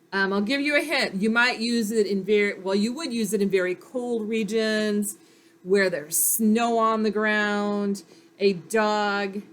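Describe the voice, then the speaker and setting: A woman's voice: medium pitch, a bit bright. A woman teacher giving a patient phonics lesson to young children, sounding out letters and praising them.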